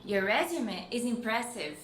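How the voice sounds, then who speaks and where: A woman with a Brazilian accent teaches everyday phrases, with friendly, clear explanations. Her voice sits a little high. The room is echoey, with a faint hiss underneath. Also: very animated, unhurried, a bit bright. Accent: Brazilian Portuguese. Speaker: language teacher. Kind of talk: language lesson with example phrases.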